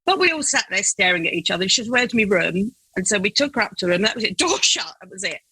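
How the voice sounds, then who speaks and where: A woman's voice: medium pitch, quick pace, slightly rough, no echo, rough recording. A middle-aged woman, a foster carer, telling a story in a casual interview with lots of laughter and acted-out voices. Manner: animated, laughing, acts out her own and others' voices.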